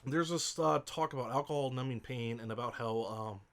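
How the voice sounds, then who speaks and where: A man's voice: mid-range voice, fairly quick, fairly bright tone, a little hiss or hum. A man co-hosting a casual movie review podcast. He rambles with passion, swears often and gets emotional. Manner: emotional, chokes up. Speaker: podcast co-host.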